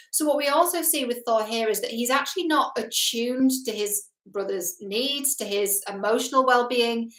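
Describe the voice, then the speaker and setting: A woman's voice: a little high, moderate pace, hardly any pauses, fairly bright tone. A woman hosting her own show as a relationship coach, chatting through a film analysis in an emphatic way and often asking the listener questions. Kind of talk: casual film analysis commentary. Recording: roomy echo.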